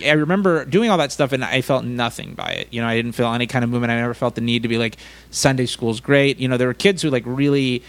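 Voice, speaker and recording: Rambling, self-mocking young man. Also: mid-range voice. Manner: rambling, self-deprecating, quick jokes. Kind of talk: casual podcast chat.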